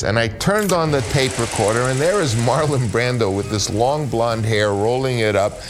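Older man telling an animated story. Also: normal speed, hardly any pauses, a little hiss or hum. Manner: acts out other people's voices, jumping high for quotes. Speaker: film director telling an anecdote.

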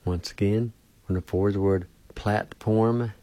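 A man hosting a radio language lesson, spelling out words and pronouncing them with slow, deliberate care. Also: lowish voice, fairly even intonation, warm tone, no room sound. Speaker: language teacher and radio host.

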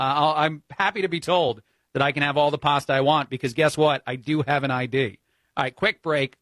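A man's voice: fairly high pitch, fairly bright tone, dry recording. A man from New Jersey with a New York accent, filling in as a talk radio host with a chatty political monologue. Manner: conversational, frequent uh fillers.

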